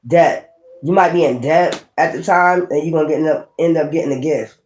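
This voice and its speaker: A woman's voice: lowish voice, a little mellow. A woman giving a blunt, chatty tarot reading. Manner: blunt and chatty, with swearing and laughs. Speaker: tarot reader. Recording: echoey room.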